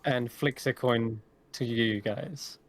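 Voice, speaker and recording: A man's voice: mid-range voice, fairly even intonation, slow pace. A man running a tabletop role-playing game as game master, describing scenes in detail and laughing easily.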